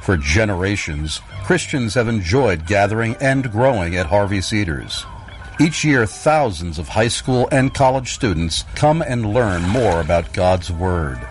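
A man reading a scripted sponsor advertisement for a radio show in a smooth, even announcer delivery. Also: on the low side, a little slow, a little hiss or hum. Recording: music bed under the voice.

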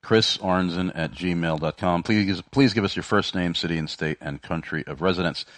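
Deep-voiced radio host. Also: male voice, moderate pace, a bit bright, no echo. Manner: hesitant, many fillers and restarts. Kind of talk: Christian talk radio hosting. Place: radio studio. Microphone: studio microphone.

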